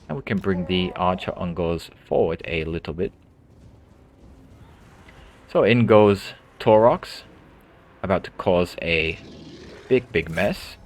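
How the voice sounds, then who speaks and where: A man giving calm, explanatory gameplay commentary as a tutorial host, often repeating a word as he thinks aloud. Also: deep voice, slight background noise.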